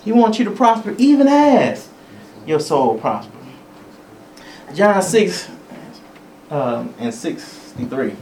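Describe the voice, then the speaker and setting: A man's voice: sits high, sing-song, slow, a little mellow, distant mic, slight background noise. Man teaching in an echoey church. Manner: conversational, chuckles between points, calls for amens. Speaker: preacher. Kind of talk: teaching sermon. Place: church sanctuary.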